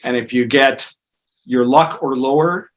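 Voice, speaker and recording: A man's voice: mid-range voice, a little slow. A man narrating as game master of a tabletop game, rambling with many fillers. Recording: dull lo-fi recording.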